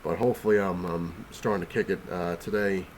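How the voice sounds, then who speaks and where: A man's voice: sits low, fairly even intonation, fairly quick, slight background noise. Sick, breathless man rambling about comics. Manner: rambling, full of fillers and restarts. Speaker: comic collector vlogger. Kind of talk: casual rambling vlog. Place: home, on the couch.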